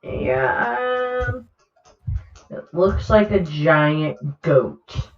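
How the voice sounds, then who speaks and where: A woman's voice: lowish voice, sing-song, extremely slow. A woman running a tabletop game as game master, narrating unhurriedly with many fillers over an online call. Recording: roomy and dull, lo-fi.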